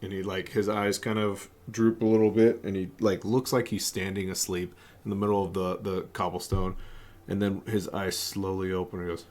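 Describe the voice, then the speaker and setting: A man's voice: deep voice, flat delivery, moderate pace, darkish tone. A man narrating as game master of a tabletop game, casual and full of "uh" fillers.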